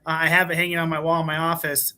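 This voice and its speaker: Bright-voiced earnest male educator. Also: a little high, completely flat delivery, fast talker, smooth. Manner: earnest, warm storyteller with fillers. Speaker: school administrator guest. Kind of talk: casual panel storytelling.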